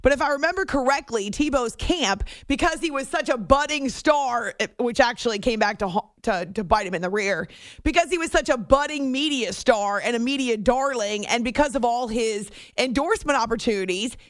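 Chatty sports radio host, higher woman. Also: fairly quick, no echo, studio quality. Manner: chatty, animated, self-interrupting. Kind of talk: casual on-air storytelling. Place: radio studio. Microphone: studio microphone.

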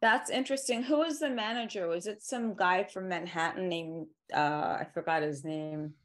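A woman's voice: fairly low pitch, normal speed. A woman hosting an interview podcast, chatty and teasing with her guest. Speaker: podcast host. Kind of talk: casual interview chat.

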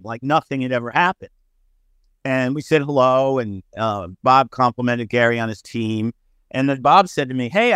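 A middle-aged man from the United States tells stories as a podcast guest. He talks in an animated, anecdotal way at a middle pitch. The recording is dry and close. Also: smooth, dry recording. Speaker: sportswriter guest. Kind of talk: storytelling podcast interview.

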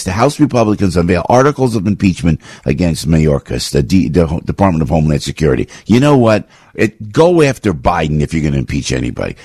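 A man's voice: sits low, a little mellow, breathy edge, dry recording, clean studio sound. A man hosting a radio talk show, delivering a fired-up political commentary monologue and repeating his phrases as he rants.

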